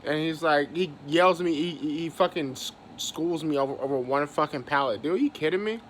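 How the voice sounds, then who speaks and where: A man's voice: on the high side, brisk, a little hiss or hum. A young man, venting about his job in a heated, profane rant and repeating himself as he talks. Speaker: vlogger venting about work. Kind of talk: angry casual rant.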